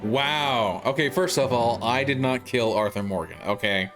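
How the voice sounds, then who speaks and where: A man's voice: mid-range voice, normal speed, music in the background. A man streaming a video game, chatting casually with his viewers and rambling, with lots of fillers and restarts. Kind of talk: casual gaming commentary.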